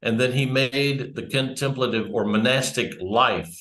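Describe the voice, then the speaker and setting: A man's voice: medium pitch, measured pace, fairly bright tone. A man giving a conversational church talk, rambling and correcting himself as he goes. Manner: rambling, digressive, self-correcting. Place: church room with small audience. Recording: roomy echo.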